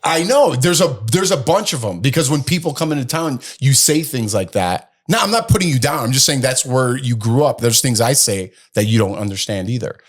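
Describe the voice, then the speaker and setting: A man's voice: mid-range voice, animated, a little fast, few pauses. Teasing man co-hosting a podcast. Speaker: podcast co-host. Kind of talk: casual chat.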